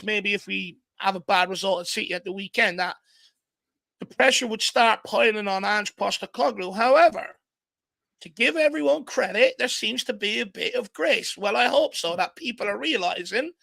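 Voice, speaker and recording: High, bright Irish man hosting a fan show. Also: creaky, no room sound. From Ireland. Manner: chatty, reads out viewer comments. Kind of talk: casual live-stream chat.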